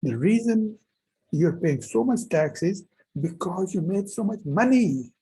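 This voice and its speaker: A male professor putting on the voice of a blunt woman tax preparer who scolds him in a matter-of-fact way, his voice raised and very husky. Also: high-pitched, animated, measured pace, dark tone, pitched above the performer's own voice, full character voice, rough recording. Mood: scolding.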